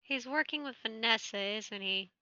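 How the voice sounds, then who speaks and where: A man's voice: sits high, normal speed, pushed and bright, smooth, no room sound, lo-fi sound, voice pushed up. A man voicing an anxious young boy on the run, with alarmed, questioning lines. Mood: wary.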